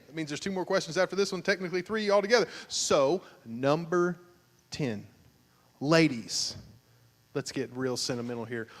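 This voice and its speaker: Joking pastor hosting a church game. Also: male voice, fairly high pitch. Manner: joking, teasing, animated. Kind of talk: playful game show hosting. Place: church sanctuary, at the altar. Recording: long church hall reverb.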